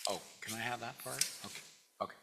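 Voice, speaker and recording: A man's voice: mid-range voice, steady tone, quick pace, creaky, very noisy. A man giving a casual, rambling talk to a spiritual community, full of fillers and restarts and often laughing. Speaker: guest speaker at a spiritual community.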